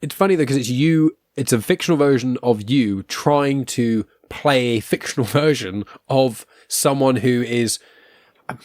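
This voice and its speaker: A man's voice: medium pitch, measured pace, a little mellow, no room sound, studio quality. A man in his twenties hosting a podcast, chatting casually with frequent restarts and laughs. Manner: rambling, self-interrupting, laughs often. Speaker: podcast host.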